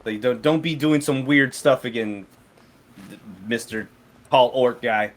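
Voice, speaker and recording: A sassy, brusque shopkeeper woman who runs a smithy, talking in an exasperated tone as a man puts her on in a tabletop game. Her voice sits at an ordinary pitch. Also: unhurried, close to an everyday voice. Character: brusque female shopkeeper blacksmith.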